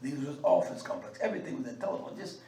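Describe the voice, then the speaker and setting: A man's voice: mid-range voice, sing-song, fast, dark tone. Fiery male preacher in an echoey room. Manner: emphatic and scolding, with frequent uh fillers. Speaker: religious teacher. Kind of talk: fiery sermon teaching. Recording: echoey room, mic at a distance, faint background noise.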